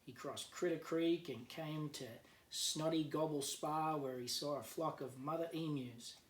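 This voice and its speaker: A male teacher reading a picture book aloud to children, gently explaining words as he goes, recorded at home. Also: on the high side, far from the mic, a little hiss or hum. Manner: gentle storyteller who explains words for kids. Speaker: teacher, guest reader. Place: at home, remote learning. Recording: echoey room, voice off-mic, faint background.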